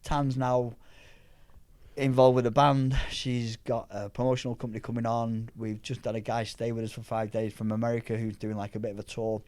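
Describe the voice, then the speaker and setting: A middle-aged man, a powerlifter guest telling rambling, animated anecdotes in casual chat. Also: mid-range voice, moderate pace. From England.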